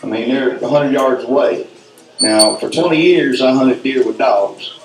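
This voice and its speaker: A man's voice: medium pitch, a little slow, background noise. A middle-aged man from North Alabama with a Southern accent, telling a folksy hunting story at a symposium. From North Alabama, USA. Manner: folksy, acts out sounds and quotes. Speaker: speaker at a symposium. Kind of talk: storytelling talk. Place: event hall. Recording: echoey hall, mic at a distance.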